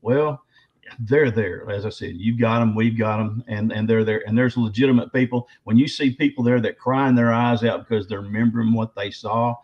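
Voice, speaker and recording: A man's voice: medium pitch, fairly even intonation, normal speed, darkish tone. Guy rambling thru his stories, voice a bit shaky, kinda dull lo-fi sound. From Arkansas. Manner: rambling, emphatic storyteller with many restarts. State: voice slightly quivering with emotion. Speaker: guest author and Bigfoot researcher. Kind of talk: casual interview storytelling. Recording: slightly dull lo-fi audio.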